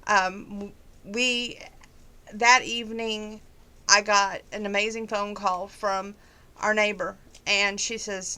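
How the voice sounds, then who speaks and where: A woman's voice: mid-range voice, steady tone, slow, sharp tone, clean tone. A middle-aged woman giving a chatty, folksy personal update to her viewers, holding back emotion. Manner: chatty and folksy, trying not to get emotional. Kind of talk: casual chat to viewers.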